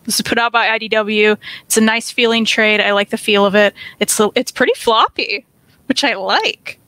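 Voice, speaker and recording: A woman in her thirties co-hosting a casual comic book review show, chatty and quick to laugh. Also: on the high side, sharp tone, no room sound, low-quality recording. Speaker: co-host. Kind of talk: casual chat.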